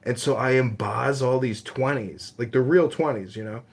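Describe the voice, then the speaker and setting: A young man chatting casually on the phone, telling animated, jokey stories. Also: mid-range voice, moderate pace. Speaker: comic storyteller.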